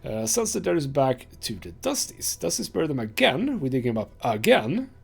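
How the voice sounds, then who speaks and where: Dude reading a shifty grubby junk trader from a game, gravelly, husky, lively ups and downs. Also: male voice, a little high, moderate pace, heavily acted. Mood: matter-of-fact. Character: short filthy wheezing male junk trader, shifty.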